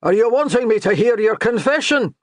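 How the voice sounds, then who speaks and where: A man voicing a dour, mocking Highland priest with a thick Scottish brogue in an audiobook. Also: lively intonation, moderate pace, dry recording, clean studio sound. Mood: baiting.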